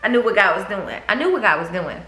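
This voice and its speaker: Animated woman telling a storytime vlog. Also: medium pitch, fast. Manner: animated, swearing, acts out quotes. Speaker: vlogger. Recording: echoey room.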